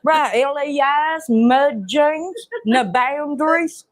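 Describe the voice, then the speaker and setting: A woman's voice: high-pitched, slow. A woman with a Southern US accent playing a chatty, gossiping store greeter in a comedy sketch, with a blunt drawling delivery. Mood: sassy.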